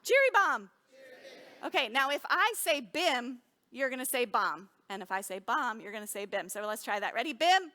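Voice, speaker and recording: Woman storyteller, high bright voice, very animated, talks with the kids, children's story. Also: fast. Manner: animated, engages the children with questions and call-and-response.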